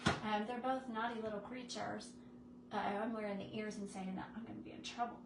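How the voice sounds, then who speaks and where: A woman's voice: mid-range voice, steady tone, brisk, creaky, recorded from a distance. A woman chatting casually with viewers while she crafts, greeting them by name. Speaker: craft livestream host. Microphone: phone on a stand. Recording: echoey room, noisy phone audio.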